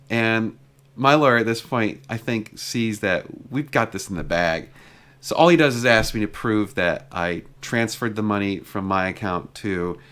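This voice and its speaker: A man's voice: lowish voice, a bit bright. A man vlogging in a casual storytelling style, talking chattily and peppering his retelling with "like". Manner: chatty, retells exchanges with lots of "like" fillers. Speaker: car vlogger.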